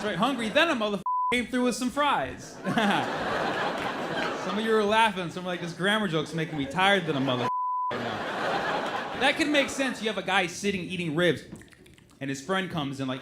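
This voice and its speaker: A man with a high, bright voice works a comedy club stage, brash and profane, shouting his punchlines over the crowd. The live recording carries clear audience noise behind him. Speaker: stand-up comedian. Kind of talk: stand-up comedy set.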